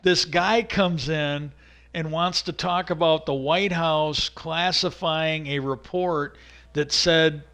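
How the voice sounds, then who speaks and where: A man casually retelling a story as a livestream host, rambling and halting, with many "he goes" and filler words. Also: fairly high pitch, fairly even intonation, a bit bright.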